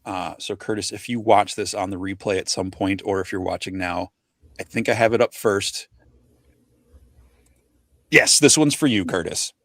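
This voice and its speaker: A man's voice: sits low, moderate pace, long pauses, a bit bright, no echo, clean studio sound. A man in his forties hosting a casual livestream chat, rambling and self-deprecating, tripping over names as he reads them out. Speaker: podcast host.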